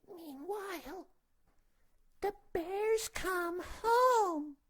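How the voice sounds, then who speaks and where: Woman telling a kids story for laughs, very high voice, slow, keeps going off on sarcastic tangents. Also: lively intonation. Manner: rambling, with sarcastic asides. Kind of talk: comic storytelling.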